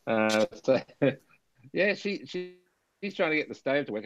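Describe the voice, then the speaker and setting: A man's voice: mid-range voice, big pitch swings, moderate pace, muffled recording, a little hiss or hum. Chatty man hosting a live video chat. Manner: chatty, laughs through anecdotes. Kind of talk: casual chat, storytelling.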